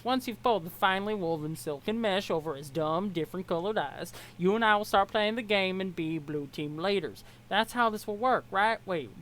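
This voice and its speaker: A woman's voice: lowish voice, a little hiss or hum, lightly acted, poor audio. A woman doing a pushy troll girl in a put-on Southern accent. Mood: scheming. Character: scheming teen troll girl, pushy and chatty.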